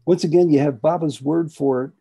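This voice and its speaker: A man's voice: a little high, steady tone, fairly quick, vocal fry, dark tone, husky. A man from the United States giving a devotional talk, telling personal stories in an earnest way and repeating phrases for emphasis. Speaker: speaker at a spiritual gathering.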